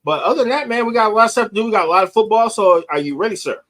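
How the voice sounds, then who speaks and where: A man co-hosting a casual live-streamed podcast chat, playful and quick to laugh. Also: high-pitched, animated, a bit bright. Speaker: co-host. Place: home studio, live stream. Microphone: webcam or desk mic on a video stream.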